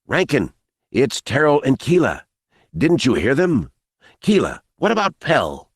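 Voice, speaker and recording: A man voicing a desperate middle-aged mother who calls out in a shrill, pleading voice. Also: huge pitch swings, a little slow, slightly rough, no room sound, studio quality, heavily acted. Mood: frantic.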